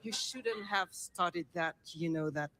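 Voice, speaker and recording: A woman's voice: fairly low pitch, takes it slowly. A French woman, a guest speaking English with a French accent, giggling and flirting. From France. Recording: loud background noise.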